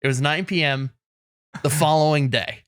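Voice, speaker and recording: A man co-hosting a podcast, telling a self-deprecating story in a lively way and laughing often. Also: fairly high pitch, normal speed, no room sound, studio quality. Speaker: podcast co-host. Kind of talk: casual podcast chat. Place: in Canada.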